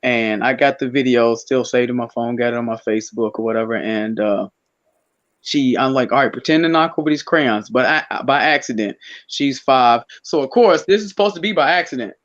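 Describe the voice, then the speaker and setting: Un hombre invitado a un pódcast, conversando de manera informal y relatando historias con muchas pausas y frases que vuelve a empezar. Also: male voice, medium pitch, fairly bright tone, muffled recording. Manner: rambling storyteller, many restarts. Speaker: podcast guest. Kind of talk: casual chat.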